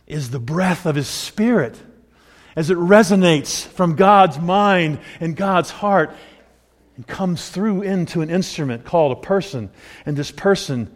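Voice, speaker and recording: A man preaching a sermon in a conversational, excitable way that rises with emphasis. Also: fairly high pitch. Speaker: pastor. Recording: long hall reverb.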